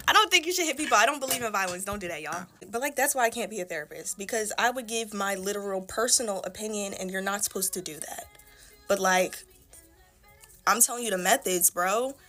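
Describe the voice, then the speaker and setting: A young woman vlogger, chatting bluntly and animatedly while getting ready, now and then bursting into loud squeals. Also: mid-range voice. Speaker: beauty vlogger. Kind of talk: casual chatty get-ready-with-me talk.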